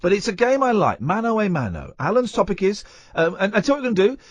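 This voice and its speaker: A man's voice: high-pitched, very animated, dry recording. A man hosting a radio show, chatting casually and teasing his co-host. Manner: playful, teasing, quick to joke.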